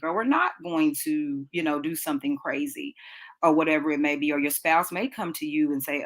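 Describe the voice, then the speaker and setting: A woman's voice: low voice, lively intonation, fast. A woman runs a live relationship class. She talks in a chatty, direct way, calling her listeners y'all and asking them to type into the chat. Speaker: podcast host teaching a relationship class. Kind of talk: casual live-class teaching.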